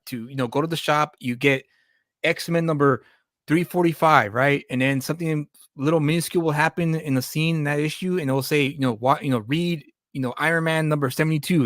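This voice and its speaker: A man's voice: a little high, fairly even intonation, brisk, no echo, clean studio sound. A man hosting a casual live-stream chat, rambling and restarting his sentences with repeated words. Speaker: podcast host and comic creator.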